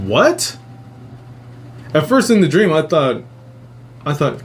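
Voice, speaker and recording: A man's voice: fairly high pitch, normal speed, long pauses, a little hiss or hum. A man hosting a podcast, telling a strange dream story in a casual, profane way and acting out the quotes. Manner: profane, animated retelling with acted-out quotes. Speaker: podcast host.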